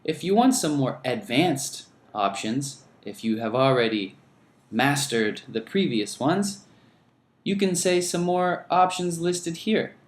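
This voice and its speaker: A man teaching an English lesson, speaking slowly and deliberately and modelling phrases for learners to repeat. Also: fairly high pitch, lively intonation, reverberant. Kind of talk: scripted lesson narration.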